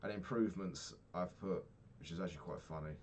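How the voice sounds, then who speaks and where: A man's voice: low voice, brisk, darkish tone, a little hiss or hum. A young man in a casual diary vlog, rambling and swearing as he rants about his money. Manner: rambling, swears a lot, ranting. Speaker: vlogger.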